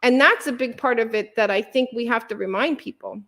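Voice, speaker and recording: A woman's voice: fairly high pitch, brisk, sharp tone. A woman guest on a podcast, speaking earnestly and passionately, with many fillers and restarts. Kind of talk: conversational interview.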